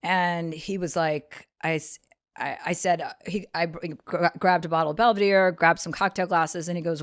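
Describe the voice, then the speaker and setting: A woman's voice: on the low side, steady tone, normal speed. A woman telling a funny personal story as a podcast guest, frank and crude with self-mocking asides. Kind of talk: storytelling anecdote.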